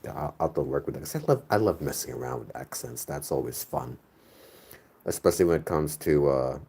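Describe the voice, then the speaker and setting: A man's voice: a bass voice, warm tone, breathy edge. A man in his thirties chatting casually with his audience in a crude, joking, rambling way. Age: 30s. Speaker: streamer reading chat. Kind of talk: casual chat.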